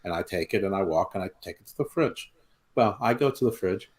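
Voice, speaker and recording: A man's voice: low voice, lively intonation, brisk. A man co-hosting a wrestling podcast, telling stories in a rambling, swearing way with many restarts. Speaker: podcast co-host. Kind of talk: casual wrestling recap chat.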